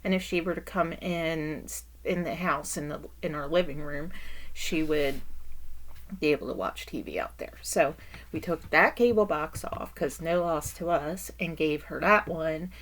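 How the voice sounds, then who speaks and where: A middle-aged woman telling stories from her life as a caretaker and parent in a casual vlog, with exaggerated, animated asides and frequent laughter. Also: low voice, a little slow.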